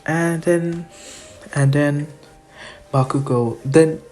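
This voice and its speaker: A woman's voice: low-pitched, fairly even intonation, extremely slow, darkish tone, faint music behind. A woman telling a fan-made what-if story in a rambling, improvised way. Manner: rambling, with many fillers and restarts.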